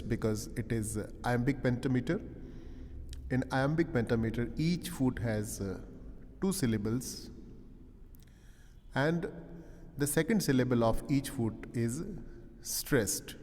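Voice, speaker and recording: Slow, deliberate professor. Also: male voice, medium pitch, darkish tone. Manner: slow and deliberate, frequent "uh" pauses, rephrases points. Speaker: English literature professor. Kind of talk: recorded lecture. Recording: long hall reverb.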